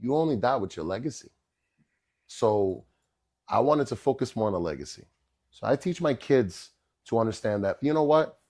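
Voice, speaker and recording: A middle-aged man, a chef and podcast guest, telling stories in a casual, animated way and often checking in with "bro" and "right?". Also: medium pitch, moderate pace, pauses often. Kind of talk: casual storytelling chat.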